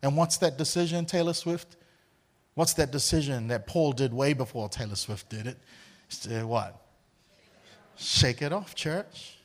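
Animated New man preaching. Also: medium pitch, unhurried. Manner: animated, laughs often, repeats words. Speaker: pastor. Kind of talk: sermon with personal storytelling.

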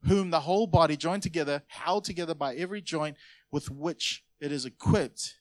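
A pastor gives a sermon in church, talking to his congregation like he's chatting with them, then suddenly punching a phrase out loud. His voice sits a little higher than most men's. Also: moderate pace, dry recording. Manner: conversational preaching, sudden loud emphases.

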